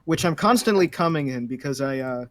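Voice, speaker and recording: A man's voice: medium pitch, expressive, brisk. A man playing a tabletop game, joking crudely in a mock upper Midwest accent. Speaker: tabletop player. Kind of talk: joking in-character banter.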